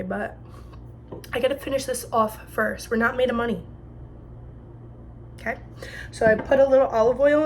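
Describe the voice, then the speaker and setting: A young woman in her twenties from New Jersey chats away in her kitchen while she cooks. She tells her stories in loose slang, and her voice sits a little high. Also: a little hiss or hum. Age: 20s. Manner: chatty, slangy, animated retelling. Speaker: vlogger. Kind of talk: casual storytelling while cooking. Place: home kitchen.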